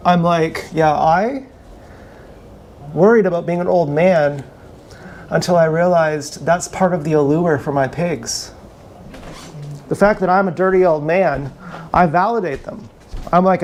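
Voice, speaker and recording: A man's voice: fairly high pitch, moderate pace, long pauses, a little mellow, a little hiss or hum. A man livestreaming from an action camera, rambling off the cuff in a playful, joking way. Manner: stream-of-consciousness, joking, playful. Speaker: livestreaming vlogger. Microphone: action camera mic.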